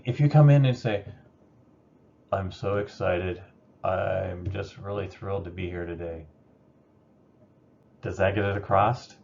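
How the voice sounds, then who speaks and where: A man teaching a lesson in a relaxed, conversational way, with some fillers. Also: fairly low pitch. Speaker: instructor. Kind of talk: recorded lecture. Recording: dull lo-fi recording with faint noise.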